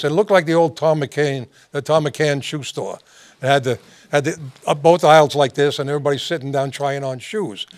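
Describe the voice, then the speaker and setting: A man hosting a talk show, telling rambling anecdotes with frequent restarts and laughing through his stories. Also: fairly high pitch. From New York. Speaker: host.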